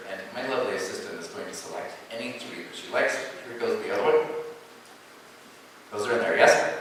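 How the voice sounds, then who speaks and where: A man's voice: on the low side, a bit bright, a little hiss or hum. A man from Colorado working as a stage mentalist, giving live stage patter with wry jokes to the audience. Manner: wry, joking asides to the audience. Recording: echoey hall from far off.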